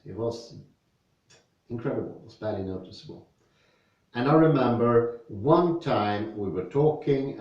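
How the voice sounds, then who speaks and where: A Swedish-accented man talks through a philosophy text at a slow, unhurried pace, his voice low and mellow. He sits back from the microphone in a very echoey room, so every word rings around him. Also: far from the mic, muffled recording. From Sweden. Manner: slow, thoughtful, reads passages aloud then explains with personal stories. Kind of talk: reading and discussing philosophy.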